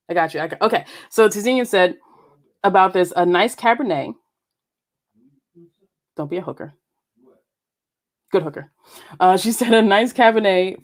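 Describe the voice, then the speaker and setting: A woman hosting her own podcast, chatting casually and playfully, laughing often and swearing freely. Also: mid-range voice. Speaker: podcast host. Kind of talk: casual solo podcast chat.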